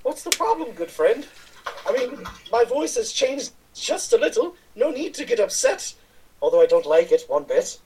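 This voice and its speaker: A woman's voice: a little high, sing-song, moderate pace, darkish tone, distant mic, slight background noise, low-quality recording. A woman voicing a male adventurer who speaks in a prim, stuffy, old-fashioned posh manner.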